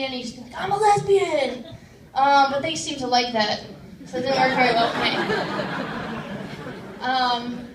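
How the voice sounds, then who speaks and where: Woman, 20s, high-pitched stand-up comic with a deadpan, hesitant delivery; live club recording picked up from a distance with faint room noise. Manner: deadpan, self-deprecating, frequent "um"s. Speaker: stand-up comedian. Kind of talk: stand-up comedy set. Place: comedy club stage. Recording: roomy, distant live stage mic.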